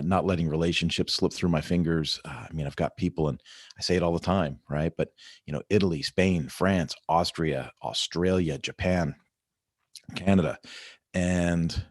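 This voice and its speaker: A middle-aged man talks through a casual morning check-in, upbeat and rambling, often checking in with the listener. His voice sits very low. The sound is dry and close, with no room around it. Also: normal speed, dry recording. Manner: chatty, rambling, upbeat with repeated "right?" and "you know". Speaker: vlog host.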